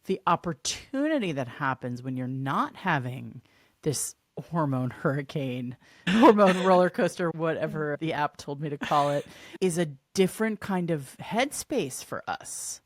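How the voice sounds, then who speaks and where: A woman's voice: sits low, lively intonation, a little slow, dry recording, studio quality. A woman in her fifties, a guest on a podcast, talking openly and enthusiastically in casual conversation. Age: 50s. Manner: open, enthusiastic, talkative. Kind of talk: casual chat.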